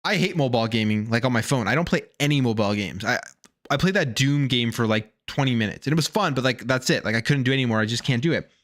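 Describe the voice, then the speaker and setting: A man's voice: medium pitch, fast talker, a bit bright, no echo, clean studio sound. A man streaming gaming news commentary, rambling in a casual, opinionated way and often restarting or repeating his words.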